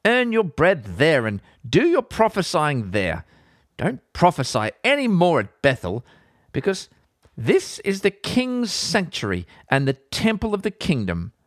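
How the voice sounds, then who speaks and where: An indignant priest commands a prophet to leave, his voice pushed up high and sharp, as a man reading the passage puts him on. He scolds in slow, deliberate phrases. The sound is dry and close, with soft guitar music underneath. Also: huge pitch swings, no echo. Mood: scolding. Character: indignant male priest ordering a prophet away.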